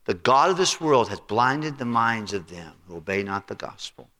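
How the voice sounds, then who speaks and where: A man's voice: medium pitch, big pitch swings, moderate pace, pushed and bright. A male pastor preaching a sermon, telling stories and acting out the people in them. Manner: storytelling, acts out quotes.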